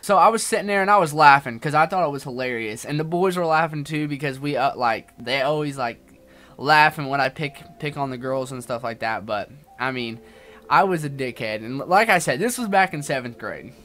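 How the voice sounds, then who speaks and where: A man's voice: medium pitch, expressive, a little fast, fairly bright tone. A young man in his twenties telling a rambling personal story in a casual vlog, restarting sentences often and swearing now and then. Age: 20s. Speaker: YouTuber.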